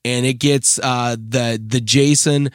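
A man's voice: mid-range voice, fairly even intonation, slow, no echo, clean studio sound. A man co-hosting a casual podcast, enthusiastically rambling about a mobile game with plenty of fillers. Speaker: podcast co-host. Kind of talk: casual chat, app review.

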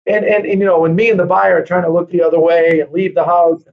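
A man who runs a real estate brokerage, telling lively stories in a casual interview and acting out quoted voices. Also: sits high, fast talker, gravelly. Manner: animated storyteller, acts out quoted voices. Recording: dull lo-fi sound.

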